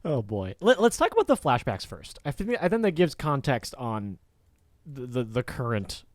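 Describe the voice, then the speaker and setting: A man's voice: medium pitch, sing-song, moderate pace, dry recording, studio quality. A man co-hosting a podcast in casual chat, recapping scenes with mock quotes and frequent laughter. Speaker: podcast co-host.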